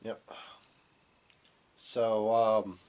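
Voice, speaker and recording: A man's voice: lowish voice, flat delivery, drawn-out words, a little mellow, smooth. A man co-hosting a podcast, giving a loose, rambling recap of a wrestling show while getting over a cold. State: has a cold, coughing. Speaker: podcast co-host.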